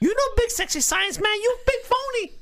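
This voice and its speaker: A man's voice: very high-pitched, expressive, fairly quick, a bit bright, pitched above the performer's own voice, heavily acted. A man putting on a pushy woman caller who scolds in broken English during a prank call. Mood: scolding. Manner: scolding, repetitive, demanding.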